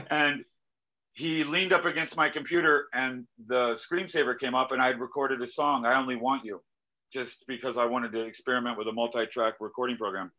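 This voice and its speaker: A male musician talking casually in an interview, telling animated stories, acting out quoted voices and swearing freely. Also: mid-range voice, low-quality recording. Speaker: musician guest.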